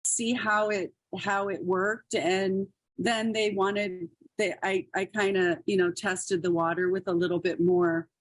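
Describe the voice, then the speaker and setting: A woman who is a comedian and actress tells stories as a podcast guest, chatty and full of fillers like "like" and "you know." Her voice is medium-pitched and level, unhurried with few pauses, and there's no echo.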